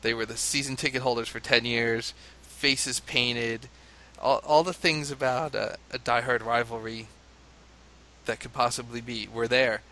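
An American father shares a lively anecdote in casual conversation, laughing a lot and imitating chanting crowds. His voice is medium-pitched and his pace unhurried.

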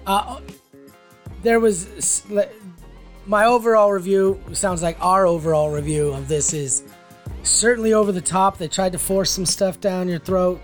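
A man with a notably high voice rambles through a film review, leaning on like and um as he gathers his thoughts. Faint music hums in the background. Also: fairly even intonation, normal speed. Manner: rambling, full of likes and ums. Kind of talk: casual chat.

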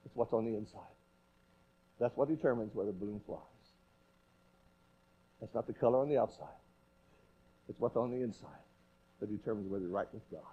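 A preacher doing a calm, deep-voiced balloon seller. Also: male voice, fairly quick, long pauses, slightly rough, narrow, tinny audio. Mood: instructive. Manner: calm, lecturing. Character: patient older balloon seller at a fair, man.

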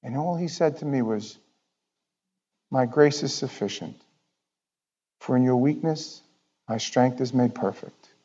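A man preaching a sermon in a conversational way, jumping from loud outbursts to near-whispers. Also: medium pitch, a little slow, long pauses, breathy edge, highs cut off. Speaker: pastor.

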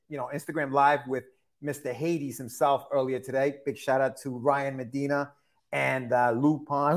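A man co-hosting a podcast, talking in a laid-back, joking way. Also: fairly high pitch. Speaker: podcast co-host. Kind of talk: casual chat.

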